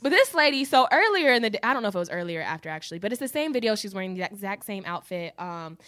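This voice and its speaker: A woman co-hosting a podcast, telling stories in an animated, profane way. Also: medium pitch, very fast, no echo, clean studio sound. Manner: animated, profane storytelling with acted-out quotes. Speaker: podcast co-host. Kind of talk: casual chat.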